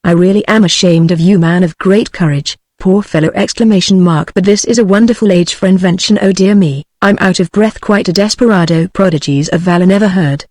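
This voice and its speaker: A woman's voice: fairly low pitch, fairly quick, hardly any pauses, no echo, clean studio sound, close to an everyday voice. A text-to-speech woman's voice with a British English accent, reading out a flighty, breathless dancing hostess. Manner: flat synthetic reading.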